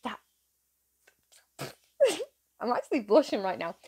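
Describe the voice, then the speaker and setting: Giggly, gushing woman with a lively voice. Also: mid-range voice, slow pace, breathy edge. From England. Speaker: reaction video host. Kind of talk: casual reaction chat.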